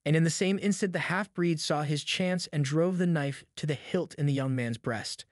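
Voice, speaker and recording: Male audiobook narrator, measured storytelling, fairly high voice, dry booth sound. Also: no echo.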